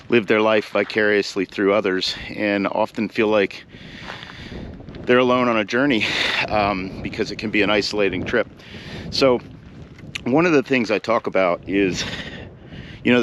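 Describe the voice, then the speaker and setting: A man's voice: on the low side, fairly bright tone, slight background noise. A man talking casually to camera outdoors on a mountaintop, out of breath, reflective and rambling with fillers and restarts. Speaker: vlogger, caregiver advocate.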